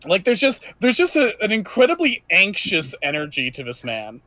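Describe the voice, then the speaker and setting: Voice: mid-range voice, huge pitch swings, moderate pace, pushed and bright, no room sound. A game master narrating a tabletop game in a hesitant way with many fillers.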